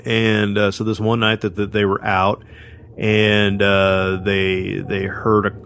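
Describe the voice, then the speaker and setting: A man with a low voice relates a story to his co-host in a loose, rambling way, full of "uh" and "like" and restarts. Faint ambience sits under his voice. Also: completely flat delivery, slow pace, creaky, fairly bright tone, a little hiss or hum. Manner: rambling, many fillers and restarts. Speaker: podcast co-host. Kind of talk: casual storytelling.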